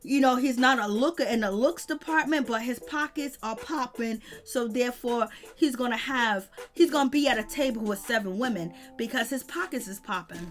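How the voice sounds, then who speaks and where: A woman hosting a casual live commentary, talking in slangy, animated asides straight to her viewers. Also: on the high side, moderate pace, few pauses, soft background music. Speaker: reality-TV commentary host.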